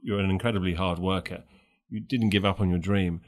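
Low-voiced male interviewer. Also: fairly even intonation, brisk. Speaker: podcast host. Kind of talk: interview questions.

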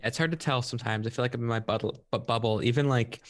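A man's voice: mid-range voice, steady tone, fast talker, dry recording. A man co-hosting a casual music podcast, searching for words and musing hesitantly with many ums and likes. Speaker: podcast co-host.

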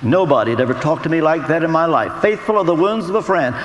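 Lively earnest preacher in an echoing tent. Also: male voice, fairly high pitch, slight background noise. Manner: storytelling, earnest, dramatic pauses. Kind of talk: sermon. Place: big top tent.

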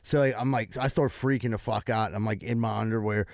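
A man in a casual chat, telling an animated story and swearing freely. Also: on the low side, fairly quick, gravelly, dry recording, clean studio sound.

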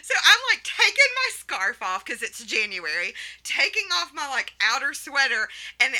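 Woman, podcast co-host, casual storytelling, animated, laughs often, very bright tone. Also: sits high, unhurried, low-quality recording.

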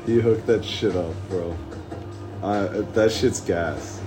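A young man hosting a casual podcast, high and rambling, with lots of swearing and giggling. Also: takes it slowly, music in the background. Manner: rambling, profane, giggly stoner talk. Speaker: podcast host. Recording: noisy amateur room recording.

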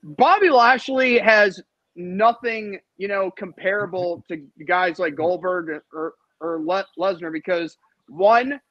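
Man, podcast host, heated rant, bright tone, dry close sound. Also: sits high, takes it slowly, no echo, muffled recording. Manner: heated, ranting, repeats himself. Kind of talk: casual panel chat.

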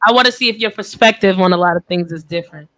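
Podcast host, mid pitch, dry close mic, quick teasing interjections. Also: fairly bright tone, dry recording. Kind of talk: casual chat.

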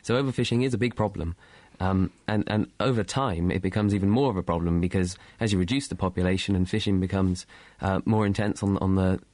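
A man's voice: low-pitched, a little fast, hardly any pauses, darkish tone, dry recording. A male marine scientist answering interview questions in a studio, talking in a hesitant way with many restarts. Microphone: studio microphone.

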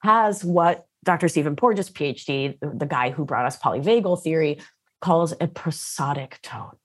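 Husky, lively woman with low voice. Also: moderate pace. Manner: animated, slangy, tags lines with "right?". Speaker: guest coach on codependency. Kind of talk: casual interview talk.

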